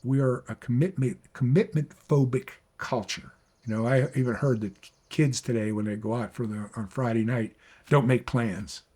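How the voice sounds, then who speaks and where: A man telling a personal story about finding a mentor, animated and emphatic, rising in intensity when making his points. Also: moderate pace, slightly rough. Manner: animated storyteller, rises high when preaching. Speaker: speaker on mentorship. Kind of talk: storytelling talk.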